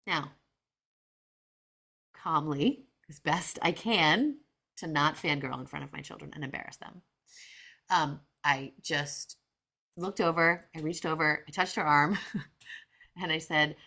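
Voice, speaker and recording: A woman in her forties tells a story on her podcast, chatty and animated, with plenty of fillers. Her voice sits low with a gravelly fry, and her tone is bright and crisp. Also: takes it slowly, pauses often. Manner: chatty, animated, many fillers and acted-out quotes. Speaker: podcast host. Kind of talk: casual storytelling monologue.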